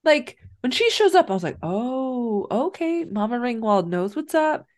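A woman's voice: on the high side, sing-song, measured pace. A woman casually recapping a teen movie plot on a podcast, acting out the characters' lines. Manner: recounts plot animatedly, acts out lines. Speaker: podcast co-host.

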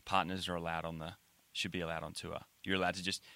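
Brief: low-pitched male podcast host with a bright, forceful tone and a rambling, filler-heavy delivery. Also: level tone, fast, gravelly, no echo. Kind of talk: casual interview chat.

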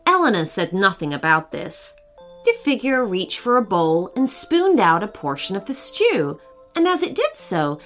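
A woman narrating a children's story in a gentle, expressive reading voice. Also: mid-range voice.

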